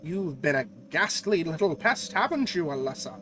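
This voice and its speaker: A man's voice: on the high side, big pitch swings, moderate pace, pushed and bright, slight background noise. A man voicing a scheming, sweet-talking cult mother in a mock-sweet taunting way, with music playing behind.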